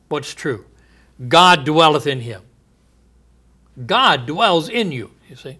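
Male preacher, bright slightly high voice, emphatic delivery that swells on key phrases and sinks low at the close of each thought. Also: very animated, slow pace, pauses often, breathy edge. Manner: emphatic, stretching key phrases with rising volume; drops to a quiet low voice at the ends of thoughts. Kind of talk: sermon.

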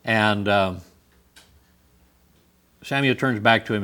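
A man's voice: medium pitch, animated, a little slow, pauses often, fairly bright tone. A man preaching a sermon who reads scripture aloud and comments on it with wry humor.

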